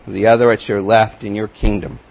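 A man's voice: on the low side, level tone, a little fast, vocal fry, poor audio. Man preaching, reading scripture with emphasis. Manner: reads scripture aloud with rising emphasis, then comments quietly. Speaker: pastor. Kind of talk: sermon.

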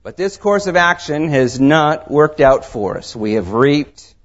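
A man preaching a sermon, reading scripture and telling stories, his delivery swinging between quiet asides and raised emphasis. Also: fairly high pitch, animated, unhurried. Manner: tells anecdotes with acted dialogue. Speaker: pastor. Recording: dull lo-fi sermon recording.

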